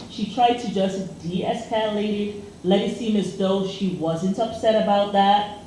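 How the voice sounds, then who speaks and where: A woman co-host chatting casually and telling a story with plenty of fillers. Her voice sits at a middle pitch. The room is strongly echoey, with a faint hiss of noise behind her. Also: measured pace, warm tone. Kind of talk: casual chat.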